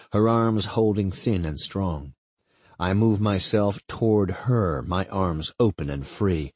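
A man with a husky, breathy voice narrates a first-person story, his pitch low yet rising and falling with feeling. He reads slowly and intimately, with halting phrasing, in a dry, close sound. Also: darkish tone, no echo. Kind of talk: first-person literary reading.

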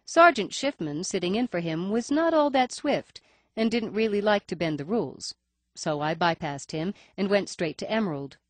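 An audiobook narrator reads a first-person detective story aloud, wry and matter-of-fact. Her voice is lowish, with no room sound.

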